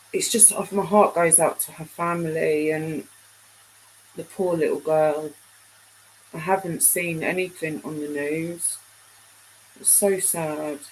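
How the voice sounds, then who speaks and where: A middle-aged woman hosts a casual live stream, talking unhurriedly in a fairly low voice. She rambles, doubles back and leaves sentences hanging as she chats with her viewers. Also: slight background noise, low-quality recording. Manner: chatty, rambling, trailing off mid-sentence. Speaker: livestream host.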